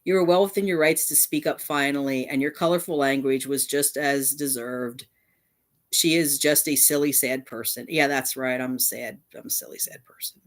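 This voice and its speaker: A woman's voice: a bass voice, fairly even intonation, moderate pace. A woman hosting her own channel, indignantly ranting in response to critics, reading out comments and swearing. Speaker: channel host. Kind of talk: angry response rant.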